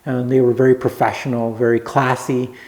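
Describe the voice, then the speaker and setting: A man telling a rambling, relaxed anecdote to camera as a vlogger. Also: medium pitch, brisk, roomy sound. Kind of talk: casual storytelling to camera.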